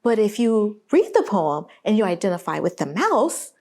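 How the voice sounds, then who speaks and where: A woman's voice: medium pitch, sing-song, moderate pace, darkish tone. A woman delivering a video essay in an emphatic, sarcastic way, full of rhetorical questions. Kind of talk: animated video essay commentary.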